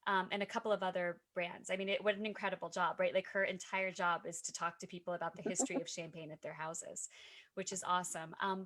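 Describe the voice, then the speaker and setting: A woman's voice: medium pitch, fairly bright tone. A woman author talking as a guest on a video call, chatty and self-deprecating, with many fillers and restarts. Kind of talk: casual video chat.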